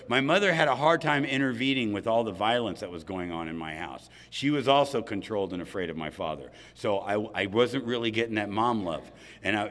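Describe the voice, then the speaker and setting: Bright-voiced man telling his story in a hall. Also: lowish voice. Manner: candid, humorous storytelling with asides to the audience. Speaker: speaker sharing his recovery story. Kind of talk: personal recovery talk at a roundup. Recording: hall reverb.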